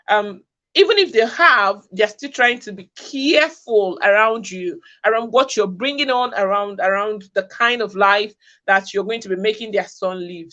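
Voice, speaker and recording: A woman's voice: fairly high pitch, a bit bright, dull audio. A woman from Africa talking straight to camera, giving relationship advice. She presses her points home with repeated rhetorical questions. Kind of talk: direct-to-camera advice talk.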